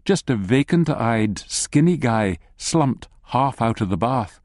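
Lively man narrating an audiobook. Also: mid-range voice, takes it slowly, no echo, clean studio sound. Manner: lively second-person storytelling with wry asides. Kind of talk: scripted narration.

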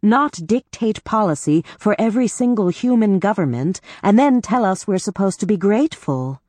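A woman's voice: medium pitch, lively intonation, moderate pace, darkish tone, dry recording, voice pushed up, close to an everyday voice. A woman reading an audiobook, voicing a bitter, sarcastic woman with a sardonic, scornful manner. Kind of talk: audiobook character voice.

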